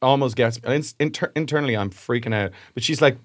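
A man's voice: mid-range voice, fast, dry recording, studio quality. A young Irish man, a podcast co-host, telling a rambling anecdote with laughs and acted-out voices. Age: young adult. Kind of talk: casual chat, storytelling.

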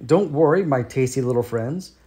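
A man's voice: medium pitch, animated, moderate pace, dark tone, natural voice. A man voicing a sly purring American storybook fox. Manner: sly, purring, falsely kind. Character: sly smirking male fox, smooth-talking schemer. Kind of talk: storybook read-aloud.

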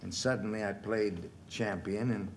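A man in his sixties, a film actor as a television interview guest, telling stories in a lively way and acting out the quotes. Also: fairly low pitch, normal speed, creaky. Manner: animated storyteller, acts out quotes, chuckles. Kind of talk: relaxed anecdotal storytelling. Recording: faint background noise, 1970s television interview.

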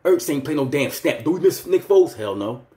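A man's voice: fairly high pitch, expressive, brisk, mellow. Ranting man in a roomy space. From Philadelphia. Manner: heated, ranting, street slang. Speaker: vlogger. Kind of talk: sports fan rant.

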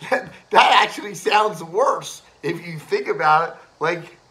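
A man's voice: high voice, animated, measured pace, sharp tone, low-quality recording. A man ranting in a rambling, profane way, swearing constantly, padding with fillers and laughing at his own jokes. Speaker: host ranting to camera.

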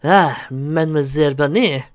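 A man's voice: a little high, moderate pace, pitched above the performer's own voice, lightly acted. A man voicing a pompous, lovesick royal guard captain. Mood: shaky.

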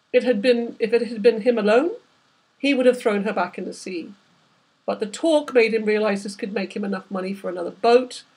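A woman reads aloud from her own novel, telling the story with vivid, dramatic flair. Her mid-range voice is a little mellow and slightly rough.

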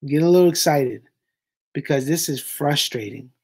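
Hosting a reaction commentary, a man preaches fervently to his audience, calling them "y'all" and hammering every point. His slightly high voice is brisk, with a breathy edge.

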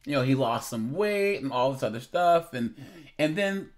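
A young man hosts a casual reaction commentary in an expressive mid-range voice at normal speed. He reads out chat logs with amused disbelief, laughing often.

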